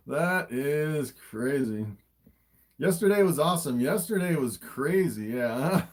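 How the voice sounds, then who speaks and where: A man's voice: on the high side, sing-song, slow. A man chatting casually on a livestream, answering viewer questions, laughing often, with his throat a little sore, recorded on a phone camera. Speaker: livestream host and snake breeder.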